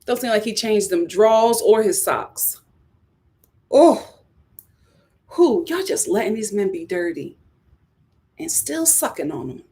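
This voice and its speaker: Animated woman ranting on a live stream. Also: measured pace, long pauses. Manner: animated, repeats lines for emphasis, swings between loud outbursts and low mutters. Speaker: YouTube reality-TV reviewer. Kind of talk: live-stream commentary, casual rant.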